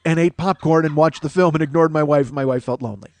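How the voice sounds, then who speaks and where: A man's voice: on the high side, fast, a little mellow. A man hosting a comedy podcast, ranting in a rambling, profane way that keeps interrupting itself. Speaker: podcast host.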